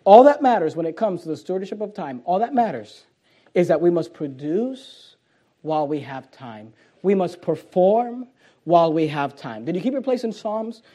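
High-pitched pastor guy preaching hard, gets loud then quiet, says everything twice. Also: animated, moderate pace. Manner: fiery preaching, swinging between loud emphasis and quiet, and repeating key phrases. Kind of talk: sermon.

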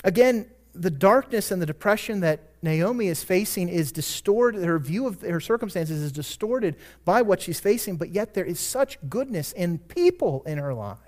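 A man's voice: high voice, lively intonation, moderate pace, hardly any pauses, darkish tone. A man preaching a sermon, earnest and conversational, rising to emphatic peaks and dropping into casual asides. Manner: conversational asides and self-corrections. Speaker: pastor.

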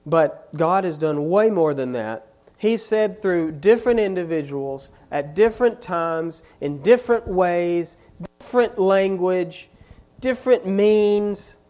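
Slow, emphatic preacher with lively pitch. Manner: emphatic, repeats key phrases with rising force. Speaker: pastor. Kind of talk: sermon.

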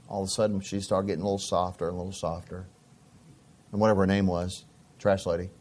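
A man's voice: low voice, level tone, fast talker, a little mellow. A middle-aged man preaching a sermon as a pastor, telling stories in a conversational way and often repeating his phrases.

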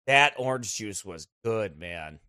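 A man from the United States, a pastor telling stories in casual chat before leading a Bible study, animated and laughing as he talks. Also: fairly low pitch, takes it slowly, clean tone, no room sound, clean studio sound.

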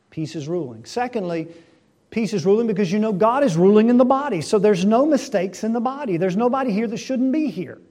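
A man preaching a sermon speaks in a notably high-pitched voice. He asks rhetorical questions and swings between hushed, quiet passages and loud, emphatic ones.

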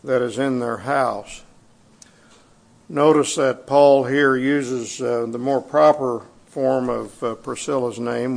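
Gravelly-voiced man preaching a sermon. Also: mid-range voice. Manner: conversational, halting with fillers and restarts. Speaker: pastor. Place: church sanctuary.

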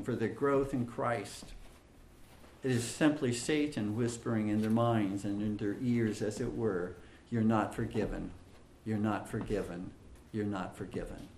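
A man preaches an expository sermon slowly and deliberately, and his voice carries an echo from the room. He builds his points with emphasis and repeats phrases, with plenty of small fillers along the way. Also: mid-range voice. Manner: measured, emphatic preaching with frequent fillers and repetitions. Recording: echoey room.

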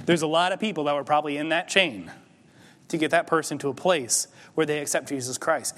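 A man's voice: on the high side, fast talker, a bit bright. Man preaching with hall reverb. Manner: conversational preaching, rising to emphatic peaks. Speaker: pastor. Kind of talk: sermon. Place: church sanctuary.

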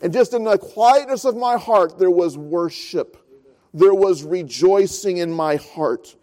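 A man in his fifties preaching a sermon as pastor, earnest, rising in force and then dropping to a soft, slow hush. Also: high voice. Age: 50s.

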